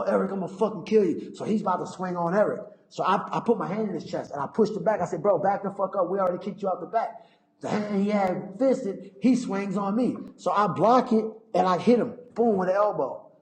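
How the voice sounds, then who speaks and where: A man, a fighter and interview guest, telling stories casually, profane and animated, acting out his own past lines. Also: high-pitched. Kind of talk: casual storytelling. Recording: echoey room.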